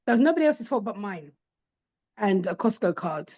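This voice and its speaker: A middle-aged woman, a podcast guest, telling candid personal stories in an animated way and acting out what her children said. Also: mid-range voice, normal speed. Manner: animated, acts out quoted voices of her children. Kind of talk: candid conversational storytelling.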